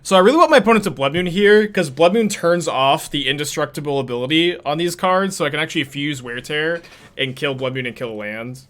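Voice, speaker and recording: A man's voice: a little high, expressive, a little fast, fairly bright tone. A young man casually commenting on a card game as he plays, thinking aloud and laughing often.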